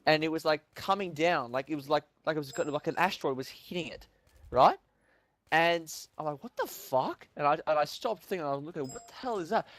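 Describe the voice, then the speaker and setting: Young male co-host, a bit high voice, dry close sound, animated storyteller who swears a lot. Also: quick pace, no echo. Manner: animated, swears often, acts out quotes. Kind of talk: casual storytelling chat. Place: home room.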